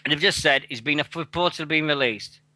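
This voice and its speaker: A man co-hosting an internet wrestling radio show, talking excitably and swearing freely. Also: fairly high pitch, a little fast, dry recording. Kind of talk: casual internet radio chat.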